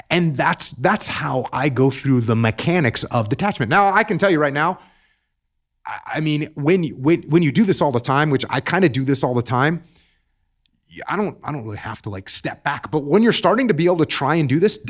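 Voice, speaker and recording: Middle-aged veteran guest, somewhat high-pitched, emphatic and earnest, repeats himself mid-thought. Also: male voice. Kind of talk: podcast storytelling and advice.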